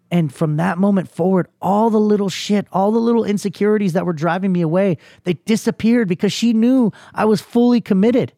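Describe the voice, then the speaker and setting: A man's voice: on the high side, creaky, dark tone, dry recording, clean studio sound. Earnest man telling a personal story. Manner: earnest, emphatic, swears freely; rallying, motivational push to listeners. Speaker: podcast host.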